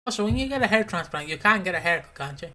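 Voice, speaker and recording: A man co-hosts a casual podcast, his voice bright and a little sharp in tone. He rambles through retellings, restarting sentences as he goes. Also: high voice, animated, very fast. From Britain. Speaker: podcast co-host. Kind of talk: casual chat.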